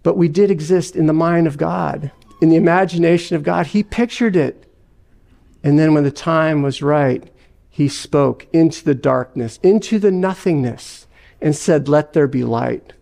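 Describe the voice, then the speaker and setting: A male pastor delivers a sermon in a measured storytelling way. His voice is higher than most men's, with a gravelly fry. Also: dark tone.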